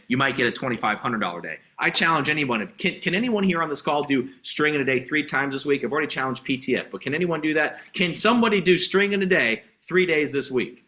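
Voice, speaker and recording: Man, sales coach, video call, pumped-up pep talk, bright forceful voice, slightly high pitch. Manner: energetic, hyped, repetitive exhortations. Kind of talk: motivational sales training talk.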